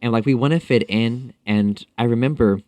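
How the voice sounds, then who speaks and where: A man's voice: medium pitch, darkish tone, no echo. A man speaking as a podcast guest in a casual interview, talking thoughtfully with frequent fillers and restarts. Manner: thoughtful, halting, many fillers.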